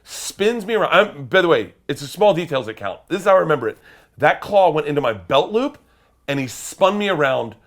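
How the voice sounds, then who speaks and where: A man, an interview guest, telling a story in a loud, excitable way, swearing and breaking into shouted quotes. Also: fairly high pitch, a little fast. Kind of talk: animated storytelling.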